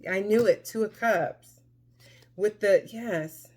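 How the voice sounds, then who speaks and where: A woman's voice: mid-range voice, slow pace, darkish tone. A woman giving a casual tarot reading to her viewers, chatty and emphatic, with many fillers and restarts. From Mexico. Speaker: tarot reader.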